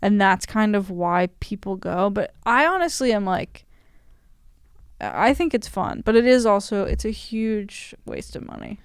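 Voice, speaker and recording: Blunt woman comedian, crisp dry voice. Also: medium pitch, expressive, no room sound. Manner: quick, blunt, many yeahs. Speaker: guest comedian. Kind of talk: casual chat.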